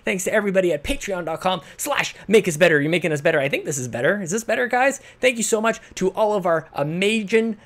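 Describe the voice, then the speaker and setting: A man's voice: high-pitched, lively intonation, fast, few pauses, a bit bright. A man co-hosting a live podcast, chatting casually and running through a thank-you list in a rambling, self-deprecating way. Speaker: podcast co-host.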